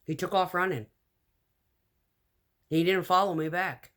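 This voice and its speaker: A woman telling a personal story in a casual storytime vlog, animated and blunt, acting out the lines of the people in it. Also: lowish voice, unhurried. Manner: animated, acts out quoted dialogue.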